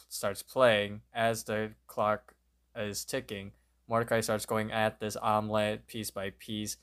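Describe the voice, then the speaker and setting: A man co-hosting a podcast, retelling a cartoon episode scene by scene in a plain, steady way. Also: on the low side, clear, resonant tone. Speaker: podcast co-host. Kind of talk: episode recap narration.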